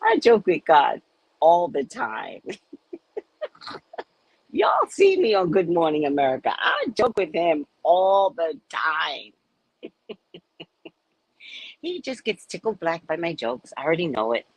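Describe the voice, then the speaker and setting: A woman's voice: on the low side, takes it slowly, pauses often, slightly rough, no room sound, poor audio. A woman reading a spiritual book aloud and breaking off into candid, laughing commentary. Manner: animated, laughing, candid asides. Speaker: spiritual reader and speaker.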